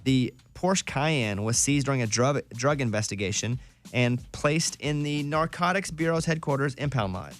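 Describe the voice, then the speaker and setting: Relaxed male radio host. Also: mid-range voice, normal speed, soft background music. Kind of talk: morning radio chat.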